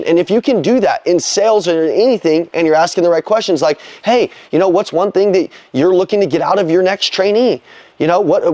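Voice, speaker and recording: A man's voice: sits high, a little mellow, no echo. A man giving a blunt, slangy motivational talk as a sales coach, pushing hard with emphatic repetition.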